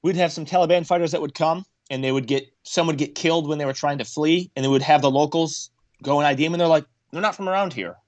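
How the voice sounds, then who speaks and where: Man telling stories, high-pitched and dry. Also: fast talker, no echo, dull audio. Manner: animated, acts out quotes in raised voices. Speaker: podcast guest, former Marine. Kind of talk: casual storytelling.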